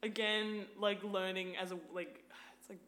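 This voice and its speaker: A woman's voice: medium pitch, unhurried, echoey room. A young woman, a podcast guest, chatting casually, full of "like" and swearing freely. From Australia. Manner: animated, swears freely, lots of "like". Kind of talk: casual chat.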